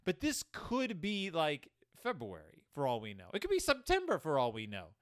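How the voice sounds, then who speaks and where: A man's voice: a little high, moderate pace, clear, resonant tone, no room sound, studio quality. A young man giving sarcastic, comedic commentary on a children's book, jumping into voices. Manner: sarcastic, animated, puts on voices. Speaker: host reviewing a children's book.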